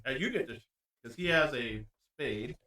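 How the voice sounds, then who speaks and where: A man's voice: mid-range voice, expressive, echoey room, crowd noise. A man running a tabletop game as game master, calling rolls and narrating the action, often breaking into laughter. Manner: laughs often, quick rulings.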